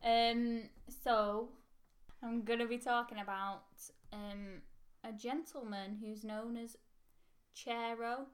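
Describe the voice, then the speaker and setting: A woman's voice: a little high, steady tone, takes it slowly. A young woman hosting a casual history podcast, chatty, laughing easily and poking fun at herself. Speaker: podcast host.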